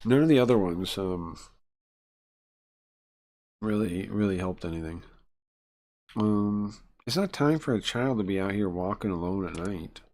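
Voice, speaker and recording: A man's voice: on the low side, expressive, unhurried, pauses often, darkish tone. A man streaming a visual novel, reading its text aloud and chatting casually between passages, with frequent filler ums. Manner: rambling, many filler ums, reads game text and chats between. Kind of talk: casual live-stream chat and read-aloud.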